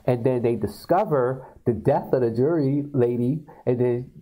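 A man casually retelling film scenes to viewers on his video channel, talking in an animated way with many fillers. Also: medium pitch, normal speed, poor audio. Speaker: video blogger. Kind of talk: casual storytelling.

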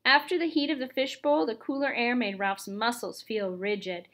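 Woman reader, higher voice, lively children's-book narration. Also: normal speed. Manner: expressive, lively storytelling. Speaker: audiobook reader. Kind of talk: reading a children's book aloud.

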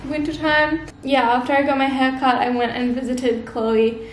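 A young woman talking to camera in a soft, heartfelt, casual way, full of "like" fillers. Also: high-pitched, little pitch movement, normal speed. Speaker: vlogger. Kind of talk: casual reflective chat to camera. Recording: roomy with faint background hiss.

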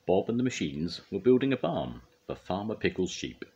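Old grandad reading a kids book, low husky voice, lots of lilt. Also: male voice, big pitch swings, moderate pace, dark tone, highs cut off. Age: older. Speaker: storyteller. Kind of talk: reading a children's storybook aloud.

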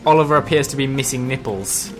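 A man's voice: medium pitch, fast, music in the background. A young man co-hosting a let's play, chatting and joking in a laid-back way. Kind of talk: casual gameplay commentary.

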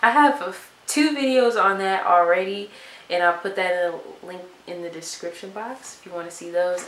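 A young woman vlogger talking softly and from the heart, in a casual chat to camera. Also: on the low side. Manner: soft-spoken and heartfelt. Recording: echoey room with faint hiss.

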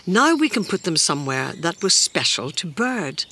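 A storybook narrator voicing a kind, helpful squirrel who speaks in a gentle, reassuring way in a noisy recording. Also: medium pitch, sing-song, normal speed.

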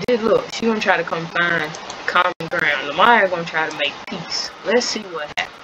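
A woman's voice: on the low side, moderate pace. Chatty woman narrating a life sim game. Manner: chatty, playful, slangy. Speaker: gaming video creator. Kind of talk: casual gameplay commentary. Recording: slightly dull recording with steady background noise.

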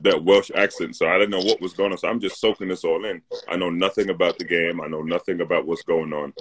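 A man's voice: very deep voice, a little hiss or hum, poor audio. A man with a London accent, from North London, telling a laid-back story in a casual chat on a live phone stream. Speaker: co-host. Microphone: phone on a live video stream.

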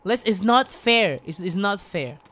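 A woman's voice: mid-range voice, animated, moderate pace, fairly bright tone. A woman streaming a video game with live commentary, exasperated, swearing and repeating words in bursts.

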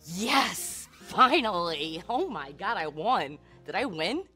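A scattered, rambling conspiracy fan, played by a woman, whose pitch swings wildly up and down. Her voice sits on the lower side, with faint music behind it. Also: expressive, takes it slowly, bright, forceful tone, heavily acted. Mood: giddy.

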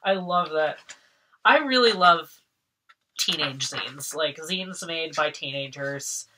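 A woman vlogger from Massachusetts chatting casually through an unboxing, excitable, laughing often and swearing when she rants. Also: low voice, slow, slight background noise.

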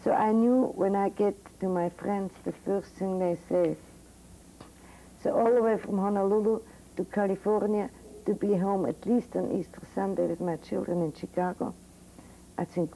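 A woman's voice: medium pitch, fairly even intonation, normal speed, warm tone, poor audio. An older woman psychiatrist telling a personal story to medical students in a frank, vivid lecture. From Switzerland. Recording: old 1982 recording with faint hiss.

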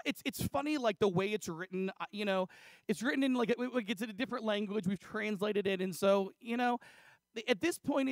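High-voiced man giving a chatty sermon. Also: no echo. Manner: chatty storytelling with fillers and acted-out dialogue. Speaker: pastor. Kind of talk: casual sermon. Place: church.

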